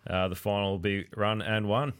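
Deep, smooth-voiced laid-back Australian man. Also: steady tone. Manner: laid-back, drawn-out with many fillers. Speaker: greyhound racing tipster. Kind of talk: casual podcast chat.

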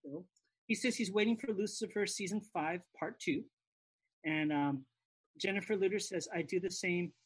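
A man with a high, husky voice tells stories in an easy, chatty way. He keeps slipping into quick impressions of the people he describes. The talk stays loose and lively throughout. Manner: animated anecdote telling with quoted voices. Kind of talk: casual chat.

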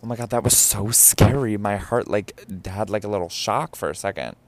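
Speaking at a normal speed in a voice on the low side, a young man hosts a podcast and recounts something from his own life. The storytelling monologue is casual, frank and profane, full of dramatic exclamations.

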